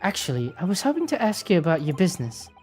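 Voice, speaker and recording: A woman's voice: fairly low pitch, very animated, fast talker, a little mellow, faint music behind. Woman doing a puzzled young lawyer man.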